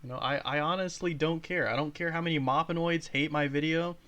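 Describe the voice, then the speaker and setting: A man's voice: on the high side, steady tone, fairly quick, pushed and bright. A man hosting a reaction video, sarcastic and profane, speaking straight to his viewers. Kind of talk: casual reaction commentary.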